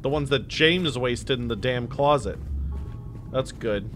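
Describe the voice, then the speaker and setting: A man's voice: mid-range voice, a little slow, noisy background. A young man playing a horror game for his channel, joking with the characters and swearing at jump scares. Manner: jokey, reactive, talks to the game characters; swears and jumps between loud outbursts and muttering. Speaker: gaming YouTuber. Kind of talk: horror game let's play commentary.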